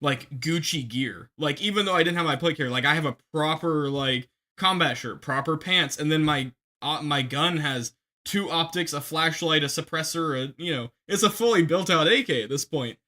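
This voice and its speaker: A young man tells a combat story in a casual podcast chat, with a bright, sharp voice set a little high for a man. He rambles and restarts a lot, then shouts when he acts out the orders he gave. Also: normal speed. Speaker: podcast guest telling a war story.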